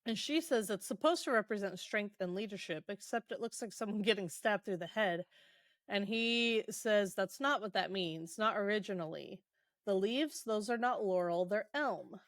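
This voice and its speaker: A woman's voice: medium pitch, normal speed, dry recording, studio quality. A woman co-hosting a podcast, casually retelling a book's scenes with loose quoted lines, frequent ums and laughs. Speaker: podcast co-host. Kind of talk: casual book recap.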